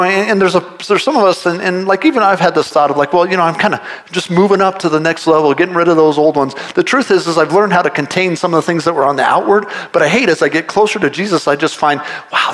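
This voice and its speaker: A male pastor delivers a sermon in a direct, earnest way, pressing each point with repetition. His voice sits a little higher than most men's. He talks straight to the congregation. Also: fairly bright tone. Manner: direct, earnest preaching with repeated urgent phrases.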